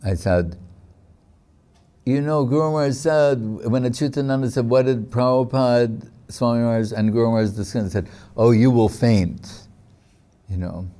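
A man giving a devotional discourse, telling stories in a reflective, halting way with frequent fillers. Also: medium pitch, dark tone. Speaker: spiritual teacher.

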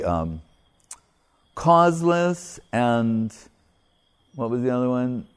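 A man's voice: fairly low pitch, darkish tone. A man giving an informal religious talk, rambling and breaking off mid-phrase, chuckling at his own stories. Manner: rambling, self-interrupting, chuckling. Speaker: spiritual teacher.

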